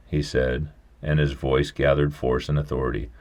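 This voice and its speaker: Man, story narrator, steady measured reading, very deep voice. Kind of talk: reading a short story aloud.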